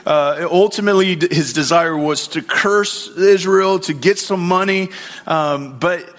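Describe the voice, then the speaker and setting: High-voiced man preaching a story. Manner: animated retelling with acted quotes and restarts. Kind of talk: sermon storytelling.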